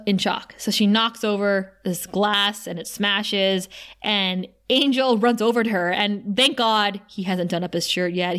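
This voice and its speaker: Woman podcast cohost, chatty recap, laughs a lot, quick asides. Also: medium pitch. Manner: animated, giggly, quick asides. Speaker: podcast co-host. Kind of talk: casual recap chat.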